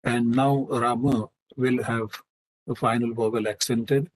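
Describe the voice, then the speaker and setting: A man answering questions in a live online lecture, in a measured, explanatory way and using technical Sanskrit terms. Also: mid-range voice, steady tone, poor audio.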